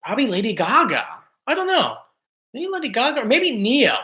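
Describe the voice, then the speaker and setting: A man's voice: very high-pitched, wildly swooping pitch, fairly quick, bright, forceful tone. Chatty man rambling through viewer questions. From South Jersey, USA. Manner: chatty and rambling, full of likes and ums. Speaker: YouTube show host. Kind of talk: casual livestream Q&A reading viewer comments.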